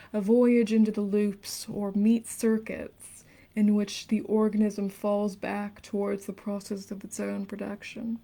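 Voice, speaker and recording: A young woman in her twenties streaming late at night. She reads dense theory aloud softly and earnestly, with hushed, casual asides. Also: medium pitch. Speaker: livestreamer reading aloud.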